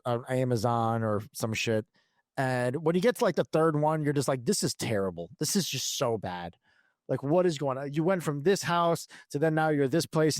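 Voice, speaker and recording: A man's voice: mid-range voice, a little mellow, no room sound, clean studio sound. A man in his thirties co-hosting a casual podcast, rambling and swearing with frequent restarts and laughs. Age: 30s. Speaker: podcast co-host. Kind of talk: casual chat.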